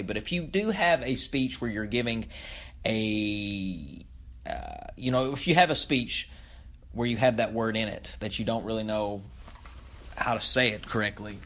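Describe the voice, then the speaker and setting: Male podcast host, conversational teaching delivery, mid-pitched, occasional fillers and restarts. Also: fairly bright tone. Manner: conversational, with frequent fillers and self-corrections. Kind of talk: informal spoken lesson.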